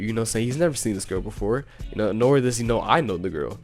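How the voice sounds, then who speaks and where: A man's voice: mid-range voice, expressive, quick pace, hardly any pauses, faint music behind. A young man casually narrating a personal story in laid-back, slangy talk full of "you know.". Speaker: storytime YouTuber.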